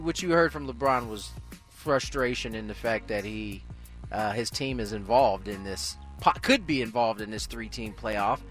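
A man's voice: mid-range voice, bright, forceful tone. A man on a sports debate panel who restarts his thoughts with fillers, then lays out his points emphatically.

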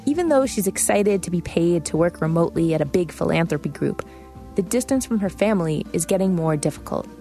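A woman narrating a radio feature in a measured, matter-of-fact scripted way. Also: fairly low pitch, lively intonation, dark tone, soft background music.

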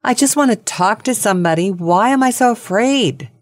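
A middle-aged woman podcaster talks in a lively, up-and-down voice, playful and a little self-conscious. She laughs easily and chats with a teasing, mischievous streak. The sound is close and dry. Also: a little high, moderate pace, dry recording. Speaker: podcast host. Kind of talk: casual cold-call podcast chat.

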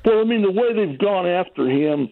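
A man's voice: sits high, lively intonation, normal speed, gravelly, dry recording. A man calling into a radio show, heated and blunt in his opinions, over a phone line. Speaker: caller. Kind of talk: call-in phone rant.

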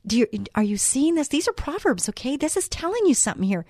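A woman's voice: high voice, very animated, quick pace, darkish tone, no echo, studio quality. A middle-aged woman hosting a faith-based talk radio show, speaking earnestly and putting direct questions to her listeners.

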